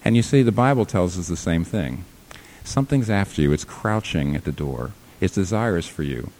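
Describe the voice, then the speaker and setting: A low-voiced man preaching a sermon in a church. He talks emphatically, climbing to loud, high peaks and then dropping to quiet, low lines. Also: animated, normal speed, slight background noise. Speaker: pastor.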